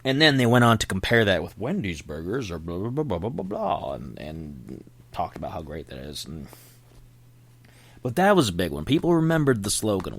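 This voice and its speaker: A man's voice: low voice, huge pitch swings, normal speed, gravelly, fairly bright tone. A man hosting a podcast, rambling chattily about things he remembers and often interrupting himself. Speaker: podcast host. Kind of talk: casual rambling monologue. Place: indoors at home.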